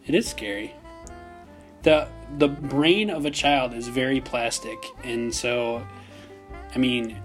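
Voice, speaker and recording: A young man with a Minnesota accent, co-hosting a casual podcast chat, telling animated stories and laughing often. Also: mid-range voice, takes it slowly, faint music behind. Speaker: podcast co-host.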